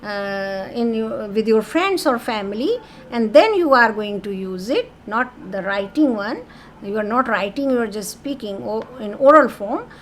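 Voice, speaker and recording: High-voiced woman teaching French. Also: lively intonation, a little slow, a little hiss or hum. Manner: explains patiently, asks "okay?" often; reads French phrases then translates them to English. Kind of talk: classroom grammar lesson.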